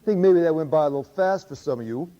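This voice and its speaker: Male preacher, folksy, drawling, humorous sermon storyteller, mellow tone, dull lo-fi recording. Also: a little high, animated, fast.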